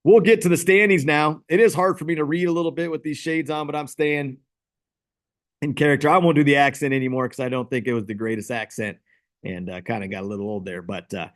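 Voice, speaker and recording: A man's voice: fairly high pitch, fairly even intonation, fast talker. A man hosting a casual fantasy football league recap, rambling and self-deprecating.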